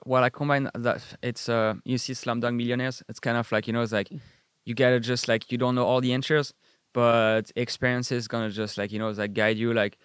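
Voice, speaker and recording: A man's voice: mid-range voice, a bit bright, clear, resonant tone, no echo, clean studio sound. A man, a guest chatting casually and rambling with many fillers. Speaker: guest chef. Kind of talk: casual chat.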